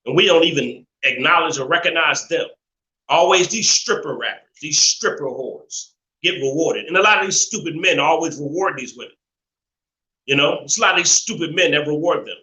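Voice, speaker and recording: This man has a high, very bright and piercing voice that rings out in an echoey room. He hosts a live call-in stream in a preachy, opinionated way, stretching his points out slowly and laughing often. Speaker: live show host.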